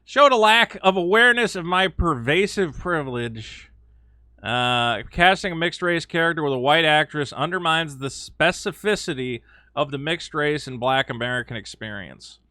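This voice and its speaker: Animated sarcastic man with a bright voice. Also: medium pitch, no room sound, studio quality. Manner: animated, sarcastic, uses mocking quoted voices and frequent fillers. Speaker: commentary video host. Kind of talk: casual opinion commentary.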